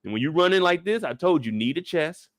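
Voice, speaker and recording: A young man giving live episode commentary with a high voice that swings widely up and down. He talks in a loose, profane, joking way and bursts into acted-out lines. The sound is dry and close, with no room around it. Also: a little fast, no echo. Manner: animated, profane, comic riffing; acts out scenes in shouted bursts. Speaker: streamer reviewing a TV episode.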